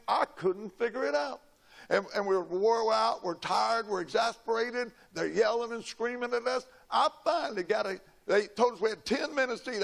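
A man's voice: high-pitched, creaky. An older man, preaching a sermon and telling a personal story in a folksy, dramatic way. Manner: folksy, dramatic storytelling, shouting quoted lines.

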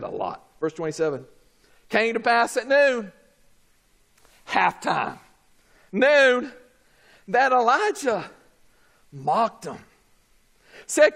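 A pastor preaching a sermon, swinging between shouted peaks and low quiet asides, joking and calling for responses from the congregation. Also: male voice, very animated, slow, long pauses. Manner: humorous, calls for audience response.

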